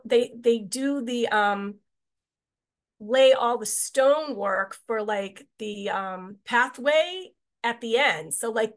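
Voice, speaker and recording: A woman from Israel, a tour guide, giving a meandering, chatty presentation over a video call. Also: fairly high pitch. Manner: chatty, meandering, many filler words.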